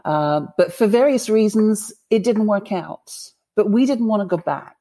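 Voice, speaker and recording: A woman's voice: medium pitch, lively intonation, normal speed, dark tone. A woman from the United Kingdom, chatting enthusiastically as an interview guest. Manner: upbeat and enthusiastic. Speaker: guest, bookkeeping business owner. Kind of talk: casual interview chat.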